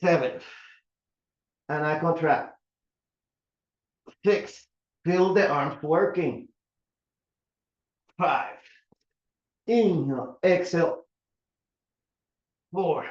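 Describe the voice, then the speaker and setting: A man in his seventies leading an at-home mat exercise class, counting reps and giving calm breathing cues. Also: a little high, extremely slow, long pauses. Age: 70s. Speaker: fitness instructor. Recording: roomy, dull home recording.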